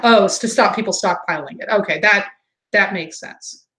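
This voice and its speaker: A woman's voice: moderate pace, fairly bright tone, poor audio. Chatty woman. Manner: chatty, reads and answers chat comments; mimics others in high exaggerated voices. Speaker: livestream host. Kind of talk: casual livestream chat.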